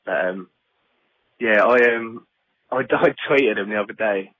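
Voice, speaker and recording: A man co-hosting a podcast, chatting casually, rambling and laughing often, swearing now and then. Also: measured pace. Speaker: podcast co-host. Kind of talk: casual chat. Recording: phone-like low-fidelity audio.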